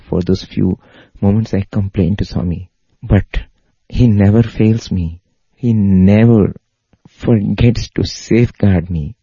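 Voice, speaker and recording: Deep, dark, husky male storyteller, earnest and repetitive; dry, dull lo-fi sound. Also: no room sound. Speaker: spiritual speaker. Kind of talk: devotional storytelling talk. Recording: dull lo-fi recording.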